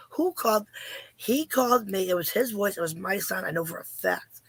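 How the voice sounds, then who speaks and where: Hoarse, gravelly middle-aged woman. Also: medium pitch, quick pace, a bit bright, dry recording. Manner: earnest, questioning. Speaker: caller. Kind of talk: casual storytelling.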